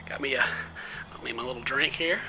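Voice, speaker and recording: A young man from the southern United States chatting and explaining in a relaxed way on an outdoor porch at night, sometimes dropping to quiet asides. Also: medium pitch, a little fast, creaky, background noise. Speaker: vlogger. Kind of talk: casual vlog chat.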